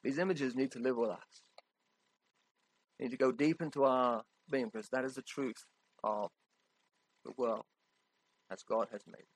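A man's voice: mid-range voice, steady tone, moderate pace, long pauses, husky, low-quality recording. A man preaching a sermon in a conversational, emphatic way, often checking in with his listeners.

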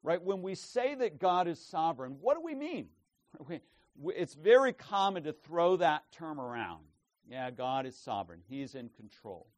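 A man preaching an expository sermon, slow and emphatic, pausing to repeat key words for weight. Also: a little high, very animated, no room sound. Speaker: pastor.

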